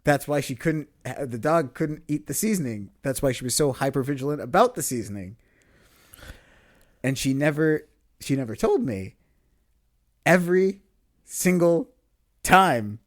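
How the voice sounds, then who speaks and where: A man hosting a podcast, telling a personal story in a casual, animated way and laughing between lines. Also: mid-range voice, moderate pace. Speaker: podcast host.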